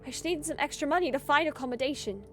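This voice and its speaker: Weary male household worker read by a woman, pleading, broken english, soft. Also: sits high, very fast, faint music behind.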